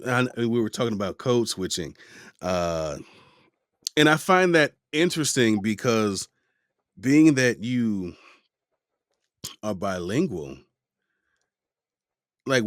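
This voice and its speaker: A male podcast host chats with a guest in a relaxed, slangy way. His pace is unhurried and his pitch sits in the middle. The recording is close and dry. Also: no echo. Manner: relaxed, chatty, uses casual slang. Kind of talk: casual interview conversation.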